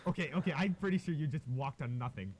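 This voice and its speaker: A man hosting a gaming video, giving casual, excitable commentary as he plays. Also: a little high, fast. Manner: excitable, cheers and yelps at close plays.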